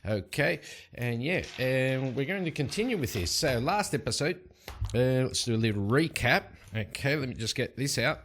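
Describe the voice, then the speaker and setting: A man narrating and playing a solo tabletop game at a desk mic, rambling and relaxed with plenty of fillers. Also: mid-range voice, normal speed, a little hiss or hum. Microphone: desk microphone.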